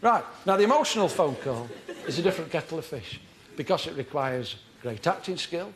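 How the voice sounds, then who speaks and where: An actor playing an earnest, fussy middle-aged amateur acting tutor, delivered deadpan and pedantic on a live TV comedy show. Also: male voice, on the high side, a little fast, noisy background. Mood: earnest instructing. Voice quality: deadpan, pedantic, self-important. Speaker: comedy character performer. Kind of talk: live stand-up character comedy. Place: television studio before a live audience. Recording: live TV studio with audience laughter.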